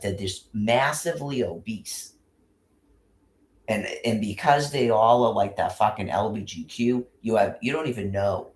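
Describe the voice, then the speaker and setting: Angry, swearing man in an echoey room. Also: mid-range voice. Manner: angry, profane, rambling with restarts. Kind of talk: casual rant. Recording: roomy echo.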